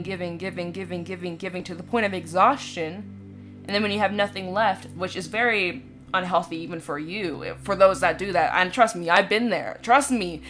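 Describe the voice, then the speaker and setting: A chatty tarot reader with a lowish voice does a casual reading to camera over soft background music. She's reassuring and fills her talk with "you know" and "right?"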